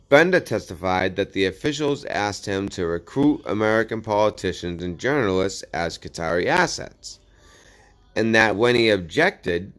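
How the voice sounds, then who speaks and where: A man's voice: on the low side, a bit bright. Sarcastic man reading news aloud. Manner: sarcastic asides, stumbles over words while reading. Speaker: political commentary channel host.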